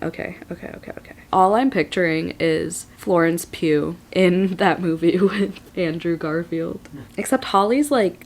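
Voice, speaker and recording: A woman's voice: on the low side, gravelly. A woman reading a book aloud at home in a casual vlog, reacting with laughter, groans and swearing. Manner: expressive, swears and laughs often, reads passages aloud. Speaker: book vlogger. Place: at home at a table.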